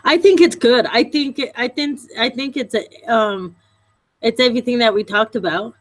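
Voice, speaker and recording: A woman's voice: fairly high pitch, moderate pace, rough recording. Tired, teasing woman in a study group. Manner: teasing, sarcastic. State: tired, up since early morning. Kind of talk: casual group discussion.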